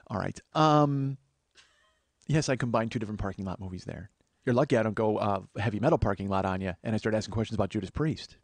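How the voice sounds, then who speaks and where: A man's voice: lowish voice, fast, no room sound. A man in his forties giving a rambling, profane, self-deprecating comic monologue as a podcast host. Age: 40s.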